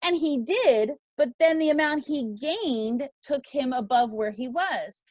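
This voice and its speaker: A woman's voice: sits high, expressive, measured pace, a little mellow, no echo. A woman teaching a crowdfunding class, upbeat and emphatic. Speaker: crowdfunding instructor.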